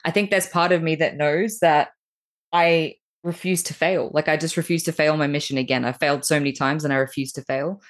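Frank, low-pitched woman guest, blunt and emphatic, swears casually. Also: fairly even intonation, fast talker, few pauses. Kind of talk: candid spiritual conversation.

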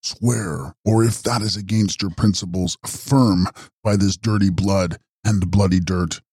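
A man reading an audiobook voices a menacing male vampire with a hollow, deep voice. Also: a little mellow, no room sound, studio quality.

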